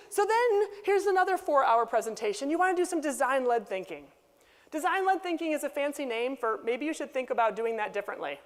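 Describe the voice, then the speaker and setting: Woman keynote speaker, high bright voice, lively and chatty, reverberant hall sound. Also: a little fast. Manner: lively, conversational, acts out quoted people. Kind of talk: conference keynote speech. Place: conference hall.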